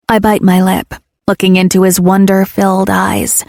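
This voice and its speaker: Woman narrating softly with a gravelly edge. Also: medium pitch, completely flat delivery, moderate pace, dry recording, clean studio sound. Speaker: audiobook narrator. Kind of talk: first-person audiobook narration.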